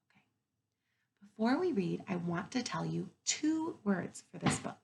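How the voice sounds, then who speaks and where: Woman teacher, lively sing-song delivery with gravelly fry, gentle questions to young children before a story. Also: medium pitch, normal speed. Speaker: kindergarten teacher. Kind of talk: read-aloud lesson for young children.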